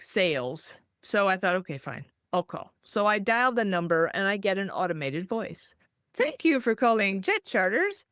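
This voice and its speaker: A woman guest telling a personal story in an interview, animated and acting out the voices she quotes. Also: mid-range voice, no room sound, clean studio sound. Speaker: guest author.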